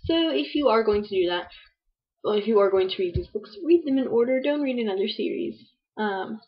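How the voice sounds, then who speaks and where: A young woman chatting casually into her webcam about books she has read, rambling and filling gaps with "um" and "like.". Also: mid-range voice. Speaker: book vlogger. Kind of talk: casual book review chat. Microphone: webcam microphone. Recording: dull lo-fi webcam audio.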